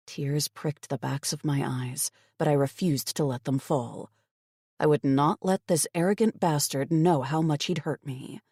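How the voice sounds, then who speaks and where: Wry, expressive woman narrator for a first-person fantasy audiobook, close and dry. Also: deep voice, normal speed, dry recording.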